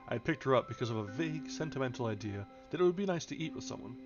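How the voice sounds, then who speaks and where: A man's voice: medium pitch, expressive, racing. A man reading a novel aloud on a livestream, now and then stumbling and correcting himself on foreign names. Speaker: audiobook reader. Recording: dull lo-fi with faint music.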